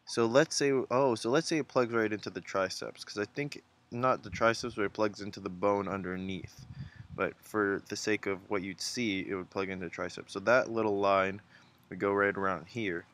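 A man's voice: lowish voice, steady tone, normal speed, fairly bright tone. A man hosting a casual drawing tutorial, chatty and encouraging, thinking aloud as he sketches. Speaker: art tutorial host.

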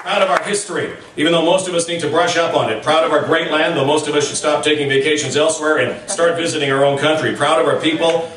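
A Canadian man with a Canadian accent emceeing a ceremony, giving a humorous speech in punchy, upbeat lists and chuckling between lines. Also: fairly high pitch. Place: baseball hall of fame induction ceremony. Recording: echoey PA sound from far off, loud crowd. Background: cheering crowd.

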